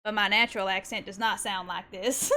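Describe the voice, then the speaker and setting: A woman's voice: medium pitch, fairly even intonation, normal speed, sharp tone. A young woman from southern Canada, chatting while drawing on stream in a put-on Southern US accent, playful and teasing. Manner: playful, teasing, bursts of silly sing-song noises. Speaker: art streamer. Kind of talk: casual chat while drawing.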